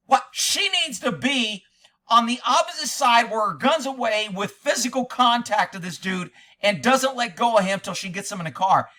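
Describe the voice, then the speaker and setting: Guy ranting and cussing over a video, sarcastic, voice jumps all over the place, bright and high. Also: lively intonation, moderate pace. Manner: profane, sarcastic, exasperated. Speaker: commentator, former fugitive hunter.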